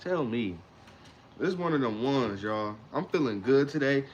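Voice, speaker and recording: A man talking straight to his livestream viewers with a motivational message. He speaks emphatically and repeats his lines in a preacher-like rhythm, and his voice sits at an average pitch for a man. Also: lively intonation, moderate pace, highs cut off, a little hiss or hum. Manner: emphatic, repetitive, preacher-like cadence. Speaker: livestream host. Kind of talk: motivational live talk.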